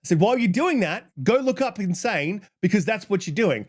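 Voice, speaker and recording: Fired-up man ranting, high-pitched voice. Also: fairly quick. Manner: heated, profane, exasperated; reads out tweets in a flatter voice. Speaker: channel host. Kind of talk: ranting commentary.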